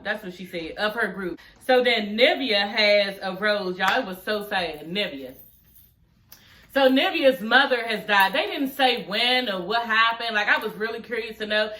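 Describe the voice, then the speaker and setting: A talkative woman runs through a reality episode for her viewers, blunt and loose with her swearing. Her voice sits a little high and comes across bright and forceful. The room around her is echoey. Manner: chatty, blunt, swears freely, talks straight to viewers. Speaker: show recap vlogger. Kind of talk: casual reality show recap.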